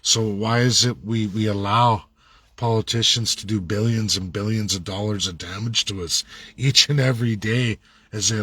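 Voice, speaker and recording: A man's voice: fairly low pitch, fairly bright tone, dry recording. A man delivering an angry, repetitive political rant full of rhetorical questions, in the manner of a regular commentator. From Canada. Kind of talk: ranting monologue.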